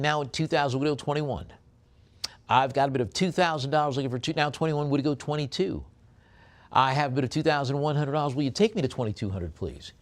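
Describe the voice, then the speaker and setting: A man working as an auctioneer, calling bids in a brisk rhythmic chant and adding chatty asides about the lots. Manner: drops low and soft on a coaxing "please". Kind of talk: live auction bid calling.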